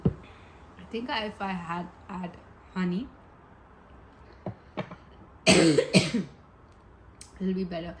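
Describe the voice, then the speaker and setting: A woman's voice: on the low side, very slow, long pauses, a little hiss or hum, rough recording. A woman giving a casual pick-a-pile tarot reading, chatty and giggly, rambling with many asides. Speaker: tarot reader.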